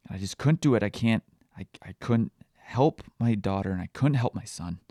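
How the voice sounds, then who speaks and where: A man in his thirties talks on his own in a confessional podcast monologue. His voice sits fairly low, and the recording is close and dry. He speaks candidly and reflectively, halting often with fillers and restarts. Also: animated, no echo. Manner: quietly emotional, reflective. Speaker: parenting podcast host.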